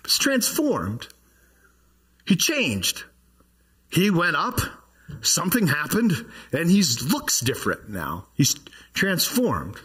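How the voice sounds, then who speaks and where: Male pastor, sermon in a church, fairly high voice, husky, chatty with the room. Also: wildly swooping pitch, slow pace, long pauses, fairly bright tone. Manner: conversational, asks the congregation questions.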